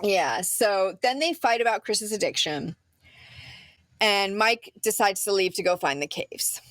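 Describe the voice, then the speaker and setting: A chatty woman hosts a podcast and walks through a film's plot in easy, rambling chat, with plenty of "um" and "like" along the way. Her voice is mid-pitched and sounds close and dry on the mic. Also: expressive, unhurried, fairly bright tone, no echo. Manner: chatty storyteller with frequent "um" and "like". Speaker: podcast host. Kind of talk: casual chat recapping a film.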